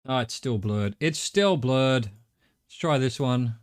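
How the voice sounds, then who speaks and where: A middle-aged Australian man talks through a live game stream. He thinks out loud, chats with his viewers and swears casually. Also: mid-range voice, animated, slow pace.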